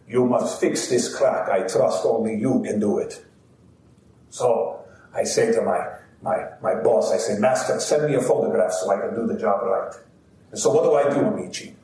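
A man's voice: medium pitch, a little mellow, natural voice. A man playing an old Italian immigrant stone carver with a heavy Italian accent, telling his story with pride to a live audience outdoors. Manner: boastful storyteller addressing friends. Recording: roomy, distant outdoor sound with faint background noise.

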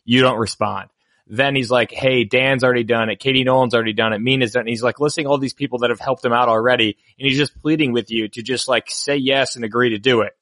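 A man co-hosts a comedy chat with a bright, crisp tone, recorded close and dry. He retells a funny exchange in an amused way, slipping in quick asides. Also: mid-range voice, fairly even intonation, no room sound. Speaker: podcast co-host.

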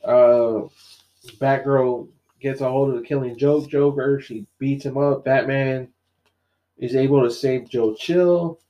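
Over lo-fi audio, a man with a medium-pitched voice speaks slowly while excitedly recounting a story in a relaxed comic book conversation. His retelling is lively and full of fillers like "you know" and "like."

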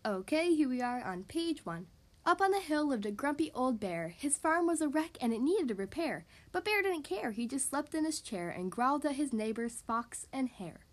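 A woman hosting a podcast, reading a picture book aloud to young children in an animated, sing-song way. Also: high voice, normal speed. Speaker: podcast host reading to kids. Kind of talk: children's storybook read-aloud.

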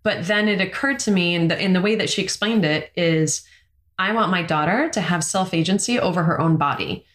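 A woman's voice: fairly low pitch, fairly quick, a bit bright, echoey room. A woman talking earnestly and reflectively in casual podcast chat, often laughing. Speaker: parent and co-host.

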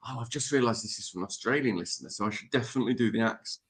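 A man's voice: fairly low pitch, very fast. A man hosting a casual podcast, playful and self-mocking as he reads listener letters aloud. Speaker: podcast host.

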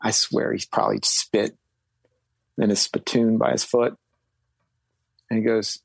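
A man's voice: lowish voice, flat delivery, unhurried, vocal fry, long pauses, husky, dry recording. A man telling a story from his military service, rambling with many fillers and restarts, and suddenly stressing key words. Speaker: guest recounting military service. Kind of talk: casual storytelling.

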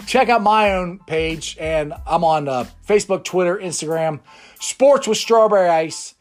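A man's voice: sits high, a little slow. A man hosting a sports talk show, rambling casually and chuckling as he chats. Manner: rambling and chatty, laughs often.

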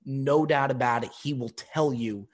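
A man hosting a podcast, telling a funny story in a lively way and answering voicemails. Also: medium pitch, measured pace. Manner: animated, laughing storyteller. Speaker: podcast host.

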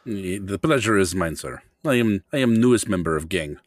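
A man's voice: sits low, lively intonation, brisk, no room sound, clean studio sound, voice pushed down. A man voicing an earnest Russian man with a thick Russian accent who speaks broken, stammering English. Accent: Russian put-on. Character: earnest Russian man, new group member.

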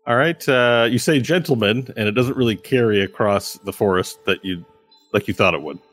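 A man running a tabletop game as game master, narrating with animated delivery and frequent laughter. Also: lowish voice, normal speed, soft background music. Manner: animated, laughs often, acts out voices.

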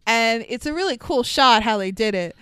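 A woman recapping a movie in casual chat, animated, swearing freely and laughing often. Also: on the high side, moderate pace, clean tone, no echo.

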